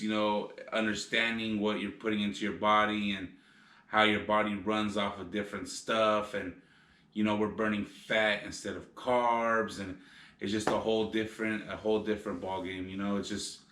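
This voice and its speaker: A man's voice: fairly low pitch, flat delivery, moderate pace, sharp tone, reverberant, a little hiss or hum. A man co-hosting a casual vlog, rambling with lots of filler phrases as he talks. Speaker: vlog co-host. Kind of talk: casual chat.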